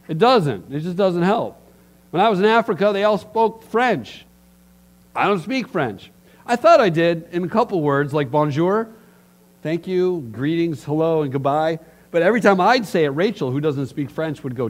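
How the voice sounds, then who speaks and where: Middle-aged male pastor, slightly high voice, animated sermon storyteller. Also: moderate pace.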